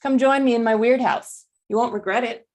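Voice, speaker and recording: A woman's voice: on the high side, brisk, close to an everyday voice. A woman playing a battered but upbeat female toy doll in an improv comedy sketch on a video call. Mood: chipper.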